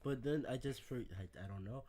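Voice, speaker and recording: A man's voice: medium pitch, fairly quick, mellow, a little hiss or hum. A man co-hosting a podcast, telling a story in casual chat and swearing often. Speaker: podcast co-host.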